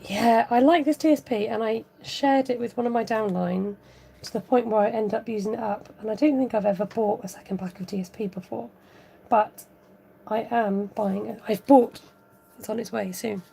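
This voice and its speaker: Gravelly-voiced chatty woman crafting. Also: a little high, normal speed, warm tone. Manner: chatty, giggly, talks while working. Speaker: papercraft demonstrator. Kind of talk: casual crafting tutorial chat.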